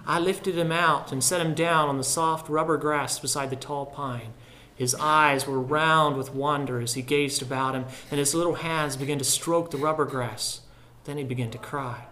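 A man narrating a literary story in a measured, reflective way. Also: a little high, a little hiss or hum. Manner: measured and reflective, dropping softer at solemn lines. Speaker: audiobook narrator.

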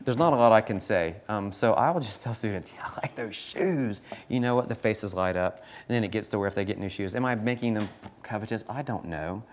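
A middle-aged man, a choir teacher, giving an animated church talk full of stories, laughing often and acting out the exchanges he recounts. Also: on the low side, fast talker. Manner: animated, self-deprecating, laughs often, acts out quoted exchanges. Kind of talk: sermon-style talk with anecdotes.

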